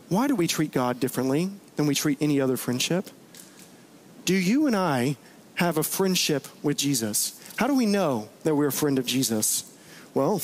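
Brief: male pastor, chatty sermon, voice a touch high. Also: a little hiss or hum. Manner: conversational, animated, rhetorical questions.

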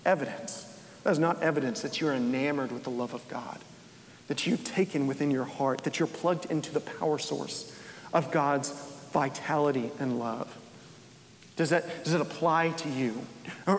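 A man with a fairly high voice preaches earnestly, firing probing questions one after another. His words ring out with a long reverb, as if spoken in a large hall. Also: normal speed, slight background noise.

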